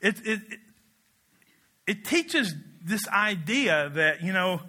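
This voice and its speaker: A man preaching a storytelling sermon in an animated, joking way, swinging up to excited shouts. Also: high-pitched, slow.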